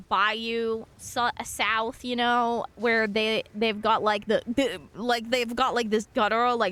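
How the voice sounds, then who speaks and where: Chatty, bright-voiced young woman streamer. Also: a little high. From Montana. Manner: rambling, filler-heavy, chatty with viewers. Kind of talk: casual gaming stream chat.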